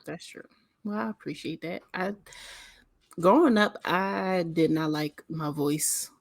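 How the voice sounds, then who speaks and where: Mellow, soothing-voiced woman host. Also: fairly low pitch, slow pace, no echo. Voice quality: soothing, mellow, slightly raspy voice. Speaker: podcast host. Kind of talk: casual chat.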